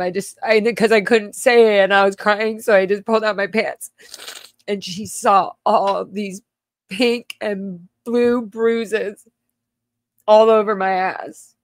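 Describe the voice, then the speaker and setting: Hosting a livestream, a woman with a mid-range voice tells a story from her childhood in a halting, emotional way, swearing bluntly and restarting often. The audio is studio quality with no echo.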